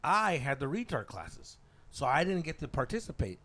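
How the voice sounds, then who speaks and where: A man's voice: a little high, very animated, moderate pace, a bit bright. A young man co-hosting a podcast, telling rambling, profane stories in casual chat and dropping Spanish slang as he acts out other people's lines. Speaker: podcast co-host.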